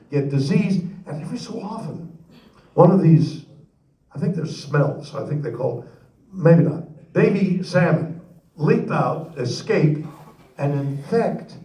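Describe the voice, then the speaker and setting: A man in his nineties telling a rambling, halting story as a guest speaker at a convention, recorded from the crowd. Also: mid-range voice, mellow. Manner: rambling, halting, with emotional pauses. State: near tears while telling the story. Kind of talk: storytelling and audience Q&A. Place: large convention hall. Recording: echoey hall from far off, audience recording.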